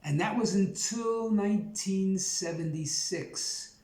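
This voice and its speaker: An older man in his seventies with a Brooklyn accent tells his story in a rambling, folksy way, with plenty of "uh" and "you know". His voice is mellow and warm at an average pitch. A roomy echo surrounds him. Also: takes it slowly. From Brooklyn, New York. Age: 70s. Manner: rambling, folksy, with many fillers. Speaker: YouTube host. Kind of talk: personal storytelling.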